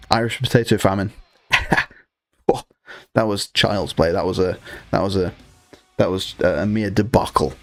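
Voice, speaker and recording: A young man with a Northumbrian accent, hosting a casual live stream while painting miniatures, rambling with frequent restarts and crude banter. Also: lowish voice. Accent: Northumbrian English. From Northumberland, England. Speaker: livestream host.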